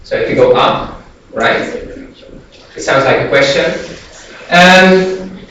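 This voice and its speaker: A fairly high-voiced man lectures on psychology like a practising therapist, walking students through each point and acting out examples with his voice. He is picked up from a distance by a room mic in a large classroom that rings with echo. The sound is muffled and there is a faint hiss underneath. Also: unhurried, a bit bright. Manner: explanatory, demonstrates points with his voice and posture.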